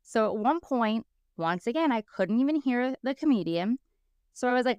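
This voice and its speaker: A woman in her thirties, co-hosting a podcast, telling stories in a lively, casual way and acting out the people she quotes. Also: fairly high pitch, moderate pace, smooth, no echo, muffled recording. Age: 30s. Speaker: podcast co-host.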